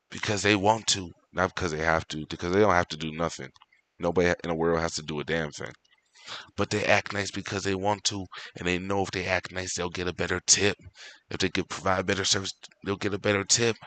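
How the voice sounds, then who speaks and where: A man's voice: deep voice, a bit bright. A man in his thirties hosting a livestream, ranting casually in a profane, slangy way and often repeating himself. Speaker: livestream host. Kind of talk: casual rambling rant to chat.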